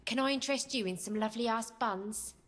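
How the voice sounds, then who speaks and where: A woman's voice: a little high, fairly quick, fairly bright tone, big-room sound. A woman voicing a saucy, flirtatious baker in a game, full of playful innuendo. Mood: flirty.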